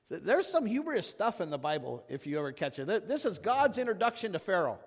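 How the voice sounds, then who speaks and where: High-voiced man preaching in a hall. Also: very animated, quick pace, hardly any pauses. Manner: conversational, calls on listeners by name, asks questions. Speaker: pastor. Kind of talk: interactive sermon.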